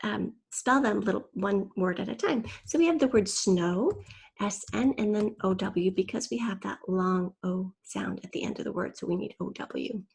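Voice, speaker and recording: Patient woman teacher with a gravelly voice. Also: mid-range voice, moderate pace, a little mellow. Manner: patient, clear sounding-out of letters. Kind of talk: online spelling lesson for children.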